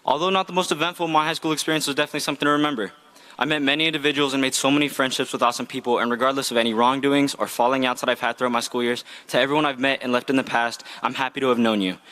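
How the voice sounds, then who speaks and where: A man's voice: medium pitch, steady tone, racing, pushed and bright. A young man, a graduating student, giving an earnest, heartfelt graduation speech read from a script. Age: young adult. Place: outdoor graduation ceremony.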